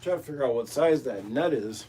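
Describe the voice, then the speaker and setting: A man's voice: mid-range voice, animated, fairly quick, warm tone, slight background noise. A man with a Midwestern accent, hosting a livestream and chatting casually while he works, in a rambling, laid-back way. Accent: Midwestern American. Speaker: livestream host. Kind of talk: casual livestream chat while working on a task.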